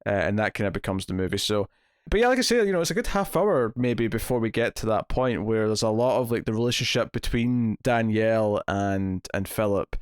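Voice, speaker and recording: A man's voice: on the low side, brisk, clear, resonant tone, no room sound. Rambling male podcast host, dry sound. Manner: rambling, self-correcting, laughs often. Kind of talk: casual movie review chat.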